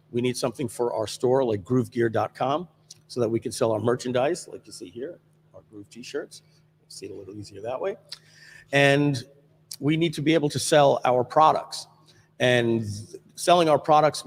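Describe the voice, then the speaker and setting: A man hosting a live software stream from a studio, talking casually with lots of fillers and restarts. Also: medium pitch, big-room sound, a little hiss or hum. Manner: rambling with many fillers and restarts. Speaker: livestream host.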